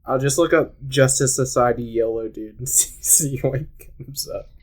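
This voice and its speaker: A man's voice: mid-range voice, steady tone, moderate pace. A man hosting a casual podcast chat, laid-back and laughing often as he talks things over. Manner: laid-back, laughs often, reads aloud from search results. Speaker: podcast host.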